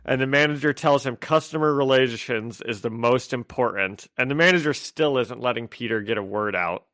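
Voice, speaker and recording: A man's voice: medium pitch, moderate pace, fairly bright tone, no echo, studio quality. A man co-hosting a podcast, recapping comic scenes at length with frequent laughter. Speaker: podcast co-host. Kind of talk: casual comic book discussion.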